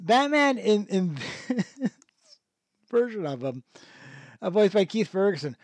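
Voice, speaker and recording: Rambling chatty podcast host, dry sound. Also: male voice, high voice, very animated, measured pace, no echo. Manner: rambling, many fillers and restarts, chuckling asides. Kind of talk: casual review chat.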